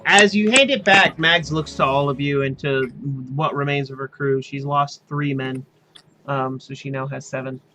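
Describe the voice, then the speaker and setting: A man narrating as game master of a tabletop role-playing game, relaxed, with many fillers. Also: mid-range voice, normal speed, a little hiss or hum, low-quality recording.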